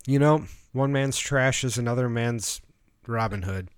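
A man's voice: mid-range voice, measured pace, clear, resonant tone, no room sound. Man with dry teasing humor, dry sound. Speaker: podcast co-host. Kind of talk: casual chat.

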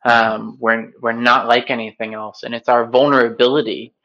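A man talking in a calm, thoughtful way, with no strain in his voice. His voice sits at an everyday middle pitch, and the recording is a little dull and lo-fi. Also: normal speed. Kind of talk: reflective conversational storytelling.

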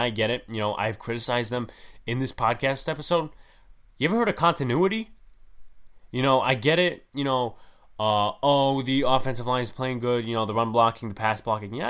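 Emphatic young man hosting a sports podcast. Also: mid-range voice. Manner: animated, emphatic, rambling with many fillers. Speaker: podcast host. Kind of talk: solo sports podcast commentary.

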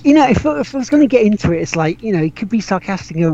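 This gaming podcast host is animated and racing, barely pausing as he trips over restarts, laughs, and swears casually. His warm voice sits slightly high for a man, and the recording is dull and lo-fi.

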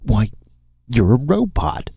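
A man's voice: low-pitched, very animated, moderate pace, creaky, husky, no room sound, highs cut off, full character voice. A man voicing a brusque man who drinks whiskey and gets rattled, in an audiobook reading. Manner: cold then shaky.

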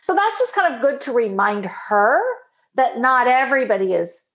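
A woman's voice: fairly high pitch, normal speed. A woman coaching a client through a parenting worry, probing with questions and playfully voicing the client's thoughts. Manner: animated, playfully acts out the client's inner voice. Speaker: life coach. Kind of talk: coaching session.

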